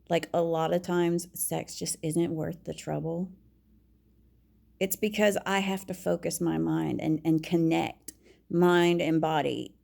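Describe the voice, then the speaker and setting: A woman talking frankly and confidingly about herself in a personal monologue, with halting restarts and dropping to a whisper when she quotes herself. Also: fairly low pitch, vocal fry, darkish tone. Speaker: vlogger.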